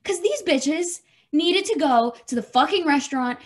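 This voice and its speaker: A woman co-hosting a podcast, telling a story in a lively, profane, casual way. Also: high-pitched, normal speed. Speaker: podcast co-host. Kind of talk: casual chat.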